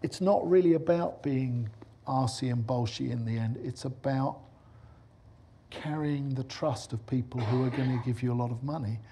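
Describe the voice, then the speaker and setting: A middle-aged film director giving a lecture, telling anecdotes and acting out the voices of the people in them. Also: male voice, mid-range voice, moderate pace, dark tone, slight background noise.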